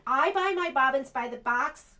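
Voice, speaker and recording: High-voiced chatty American woman teaching embroidery. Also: lively intonation, normal speed, pushed and bright. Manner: chatty, thinks aloud, self-correcting. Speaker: sewing shop instructor. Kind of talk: embroidery demonstration. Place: sewing shop.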